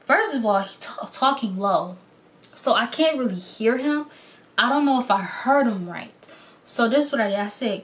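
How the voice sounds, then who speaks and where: A young adult woman telling a story in a casual, blunt and animated way, acting out the lines of the people in it. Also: fairly high pitch, normal speed, a little hiss or hum. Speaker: vlogger.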